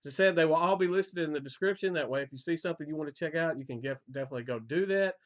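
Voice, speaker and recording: Casual hoarse-voiced metal collector man. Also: fairly high pitch, rapid-fire, lo-fi sound. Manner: relaxed, rambling, frequent fillers and repeated starts. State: voice going hoarse. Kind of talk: casual album collection update.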